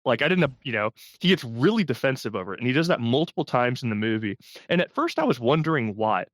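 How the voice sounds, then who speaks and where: A man's voice: medium pitch, sing-song, fast talker, dry recording. A man co-hosting a podcast in casual chat, careful to add disclaimers and context. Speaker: podcast co-host.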